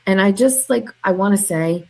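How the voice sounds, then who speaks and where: A woman's voice: medium pitch, normal speed, darkish tone, poor audio. A woman casually telling a story in a chatty, hesitant way.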